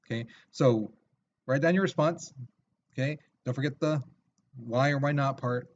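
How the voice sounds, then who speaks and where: A man's voice: mid-range voice, moderate pace, dull audio, slight background noise. A male teacher giving a recorded video lesson in a casual, chatty way with lots of fillers.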